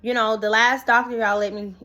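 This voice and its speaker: Young woman, lilt, pitched a bit high; expressive casual vlogger talking straight to viewers. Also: brisk. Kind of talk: casual storytime monologue.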